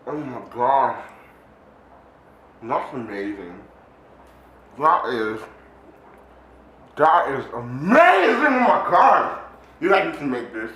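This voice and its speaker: A man chatting excitedly in a casual DIY vlog, full of fillers and exclamations. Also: medium pitch, takes it slowly, pauses often, echoey room, a little hiss or hum. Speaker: DIY candy vlogger.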